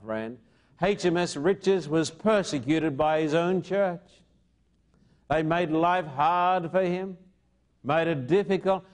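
Fervent middle-aged man preaching. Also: fairly high pitch. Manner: fervent, addresses listeners as friend. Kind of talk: sermon.

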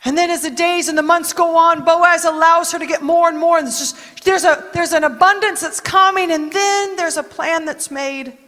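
A woman preacher giving a dramatic sermon that rises to shouts. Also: very high-pitched, moderate pace, few pauses. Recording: long reverb in a large hall.

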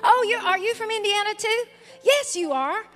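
A woman's voice: extremely high pitch, lively intonation, normal speed, a bit bright, long reverb tail. A woman pastor with a Southern accent, welcoming visitors from the pulpit in an enthusiastic, calling-out manner during a church service. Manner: enthusiastic, calls out to the congregation. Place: large church sanctuary with a congregation. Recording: live church service with music and crowd.

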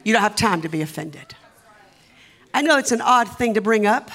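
A woman with a Southern US accent, a guest preacher delivering an impassioned sermon in a church, urging the congregation and building to shouts. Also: mid-range voice, lively intonation, moderate pace. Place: church sanctuary.

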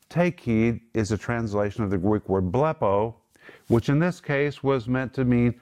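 A man leads a Bible teaching in a small group, his voice sitting a little low. He speaks emphatically and breaks each word down one at a time. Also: normal speed, a little mellow. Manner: emphatic, explains words one by one.

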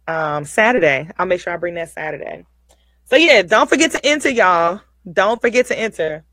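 A woman's voice: on the low side, fairly bright tone, no echo, rough recording. Folksy, chatty woman livestream host. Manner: chatty, repeats herself, folksy slang. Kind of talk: casual livestream chat.

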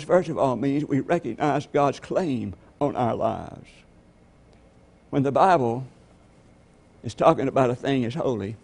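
A man delivers a sermon from the pulpit, weaving stories together with rhetorical questions aimed at the congregation. His voice is gravelly and a little husky. The overall tone sits dark and mellow. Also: mid-range voice. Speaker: pastor.

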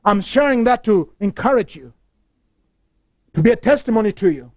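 A man's voice: sits high, lively intonation, normal speed, a little mellow, dry recording, dull audio. A man preaching a broadcast sermon, telling stories with passion and repeating key phrases. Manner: impassioned storytelling with repeated phrases.

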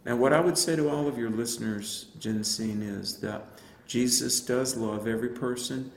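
A man's voice: medium pitch, normal speed, echoey room. A man who is an evangelist, telling his personal faith story in an earnest, reflective way with frequent fillers. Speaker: evangelist and apologist guest. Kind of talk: personal testimony in a radio interview.

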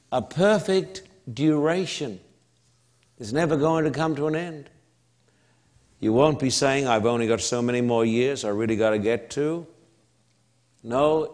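An Australian man preaching a sermon at an unhurried, deliberate pace. His voice sits in an ordinary middle pitch, and he leans hard on each phrase, repeating words for emphasis and pausing between lines. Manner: emphatic, slow preaching with long pauses and repetition.

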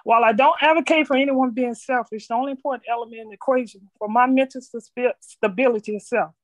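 A middle-aged woman with a fairly high voice reads her own written reflection aloud, earnest and measured. She stumbles over a word now and then. The sound is dry and close, with almost no room in it. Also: no echo. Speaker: speaker sharing her story. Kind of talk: reading a personal reflection aloud.

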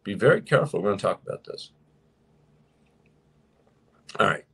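A man preaching and teaching to his viewers as host of his show, emphatic, slowing down to stress points. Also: lowish voice, vocal fry, breathy edge. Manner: animated and emphatic, slows down to stress key points. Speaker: preacher hosting a live show. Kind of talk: sermon-style teaching to a live audience.

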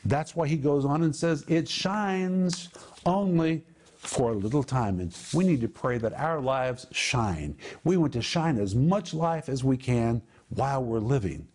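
A middle-aged man teaching the Bible, explaining word meanings slowly and with emphasis. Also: medium pitch, expressive, a little mellow. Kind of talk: teaching sermon.

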